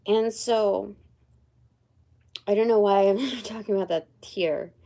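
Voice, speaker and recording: Slow, meandering woman reading tarot. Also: medium pitch, warm tone. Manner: slow and meandering, many pauses and fillers; searches aloud for words. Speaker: tarot reader and channeler. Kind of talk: livestreamed spiritual card reading.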